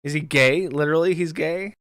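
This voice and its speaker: A male streamer talks straight to his chat in a profane, incredulous tone, mocking what he just watched. His voice sits a bit high for a man. The sound is close and dry. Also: fairly quick, fairly bright tone, no echo. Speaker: streamer host. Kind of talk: casual live-stream commentary.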